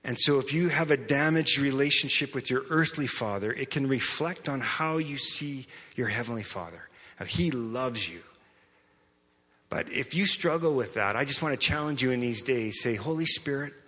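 A man preaching a sermon, telling a personal testimony with lively storytelling that swings between loud outbursts and hushed moments. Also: medium pitch, moderate pace. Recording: reverberant hall.

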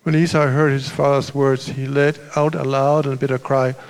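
A man's voice: medium pitch, little pitch movement, moderate pace, smooth. A man preaching a sermon as a pastor, telling a story in a loose, conversational way with restarts and asides.

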